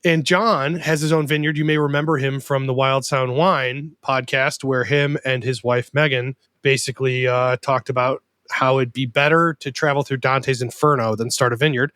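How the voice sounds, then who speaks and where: A man's voice: medium pitch, flat delivery, normal speed, hardly any pauses, clear, resonant tone, dry recording. Man hosting a casual podcast, dry sound. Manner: warm, joking, openly sentimental. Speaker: podcast host.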